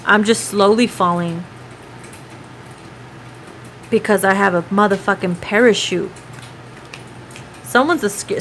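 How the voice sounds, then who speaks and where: A woman's voice: mid-range voice, fairly bright tone, slight background noise, rough recording. A woman giving a casual tarot reading, chatty and profane, now and then breaking into snatches of song. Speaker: tarot reader.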